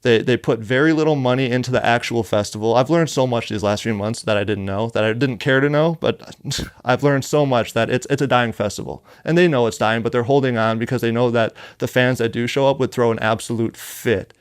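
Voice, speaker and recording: A man's voice: mid-range voice, a little fast, clear, resonant tone, dry recording, clean studio sound. A male rapper as a podcast guest, telling stories bluntly and with heavy profanity in casual conversation. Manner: blunt, heavily profane, heated. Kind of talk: casual interview storytelling. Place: podcast studio.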